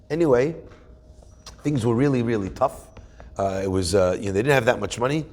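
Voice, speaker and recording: A man, a rabbi giving a weekly Torah class, telling stories in an animated way and acting out quoted voices. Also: medium pitch, brisk, pauses often.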